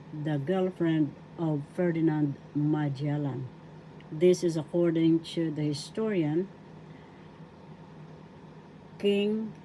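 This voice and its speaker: Slow, mellow-voiced Filipino teacher woman. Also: on the low side, slight background noise, poor audio. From Philippines. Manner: deliberate, repeats each word, breaks it into syllables. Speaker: language teacher. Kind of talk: slow syllable-by-syllable language lesson.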